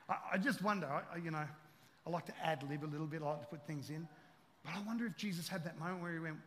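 A man preaching a sermon as pastor, joking and conversational, then building to loud emphatic peaks. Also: a little high, very fast. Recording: long hall reverb.

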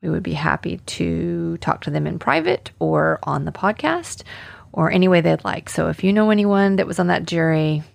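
Woman podcast host from Alabama, casual and indignant, gravelly fry, dry close sound. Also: on the low side, lively intonation, normal speed, no room sound. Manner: conversational, indignant, many fillers. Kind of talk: casual true-crime podcast narration.

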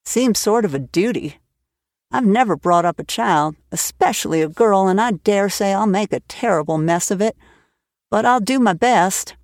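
A woman voicing a stern, brisk middle-aged spinster woman who speaks severely. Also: medium pitch, lively intonation, a little mellow, dry recording, studio quality, lightly acted.

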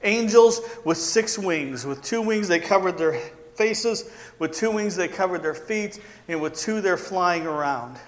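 A man preaching a sermon, stressing key words by repeating them and slowing down. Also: high voice, animated, in a large hall. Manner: emphatic repetition, slowing for stress. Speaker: pastor.

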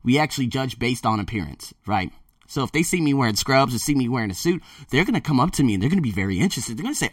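A man talking casually to his viewers, emphatic and animated, often repeating himself. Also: medium pitch, racing, no echo, clean studio sound, distant mic. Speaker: vlogger. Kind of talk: casual monologue to camera. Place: Thailand.

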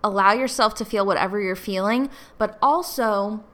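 A young woman in her twenties hosts a casual solo podcast, her bright, crisp voice rambling along with plenty of "like" fillers. She sounds tearful, as if she has been crying. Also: mid-range voice, normal speed. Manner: rambling, chatty, many "like" fillers. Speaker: podcast host.

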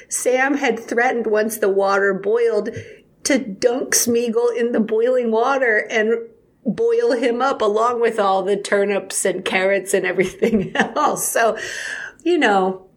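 A woman co-hosting a casual book discussion, speaking slowly and unhurriedly. She is enthusiastic and reflective as she talks. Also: fairly high pitch. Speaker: podcast co-host.

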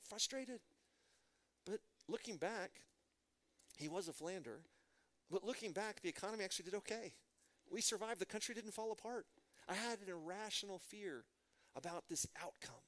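Brief: middle-aged man, pastor's sermon, quick delivery, slightly higher voice, storytelling with rhetorical questions. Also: fairly bright tone. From Midland, Texas.

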